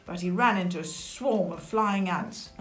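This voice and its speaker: A woman reading a children's picture book aloud, lively, with chatty asides. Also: on the low side, measured pace, soft background music. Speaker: storyteller. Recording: echoey room.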